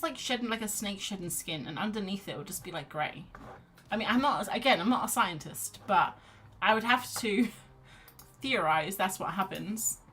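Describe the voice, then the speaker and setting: A woman's voice: mid-range voice, a bit bright, husky. Chatty woman painting live. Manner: chatty, self-deprecating, laughs often. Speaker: art livestream host. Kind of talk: casual chat while painting.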